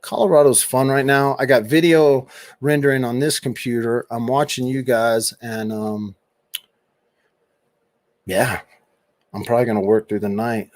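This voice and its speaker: A man's voice: mid-range voice, fairly even intonation, unhurried, long pauses, no echo. A middle-aged man hosting a casual late-night livestream from home, reading out viewers' chat comments and teasing them back. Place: home room at a computer.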